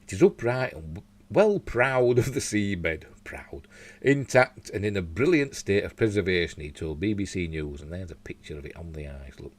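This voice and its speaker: A man with a Yorkshire accent hosts a casual news chat from a room at home, reading articles aloud and drifting into chatty asides and slips. His low-pitched voice is animated and moderately paced.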